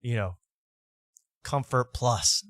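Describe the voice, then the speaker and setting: A man's voice: medium pitch, slow, a bit bright, dry recording. A man hosting a talk show, ranting sarcastically over clips and repeating himself.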